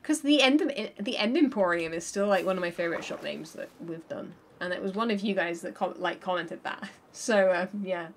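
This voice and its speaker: A woman's voice: lowish voice, a little fast, few pauses, a little hiss or hum. A woman chatting casually on a livestream while she plays, laughing often and thinking aloud.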